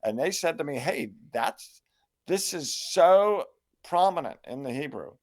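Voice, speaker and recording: An older man, a New Testament scholar, answering interview questions in a measured, reflective way with frequent restarts. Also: fairly high pitch, lively intonation, darkish tone. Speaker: New Testament scholar and Bible translator, guest.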